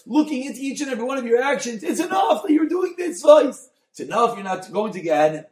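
A man, a rabbi, giving a Torah class on a Mussar text, mixing Hebrew terms into English and swinging from soft to loud. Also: extremely high pitch, fast, few pauses, reverberant. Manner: expressive, dynamic delivery, swings from soft to loud.

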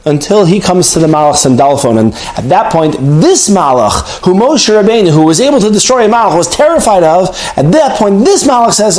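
A man's voice: fairly high pitch, lively intonation, a little fast, darkish tone, rough recording. A man giving a Torah class as a rabbi, earnest, often restarting his words. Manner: earnest, with frequent stammered restarts.

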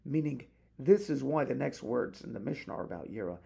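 Gravelly passionate rabbi teaching Torah. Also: male voice, mid-range voice, animated, brisk, mellow, dull audio. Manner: passionate, rising to emphatic peaks; mixes Hebrew phrases into English. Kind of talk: Torah lesson.

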